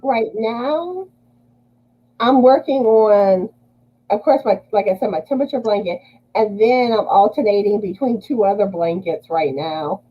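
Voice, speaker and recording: A woman guest in a casual crafting chat over a video call, chatty, with halting restarts. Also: mid-range voice, husky, highs cut off.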